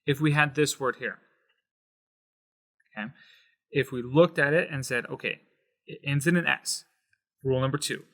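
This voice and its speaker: A man explaining Spanish accent marks in a patient whiteboard lesson, slowing down to stress syllables. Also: medium pitch, a bit bright. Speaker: Spanish teacher.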